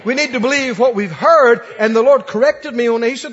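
Man preaching, folksy and animated, husky high voice, dull lo-fi sound with long hall reverb. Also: fairly quick. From Mississippi, US. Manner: folksy, animated, laughing asides. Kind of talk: sermon.

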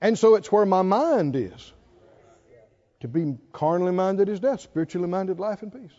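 A man's voice: high-pitched, animated, normal speed, mellow. An older man preaching a sermon in an emphatic, folksy way with bits of humor, on a slightly dull lo-fi recording. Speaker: pastor.

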